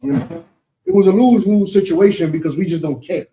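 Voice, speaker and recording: A man's voice: high-pitched, lively intonation, fairly quick, creaky, warm tone, distant mic, rough recording. A man with an American accent teaching and answering questions in a preaching session, emphatic and rhetorical, often asking "you understand?".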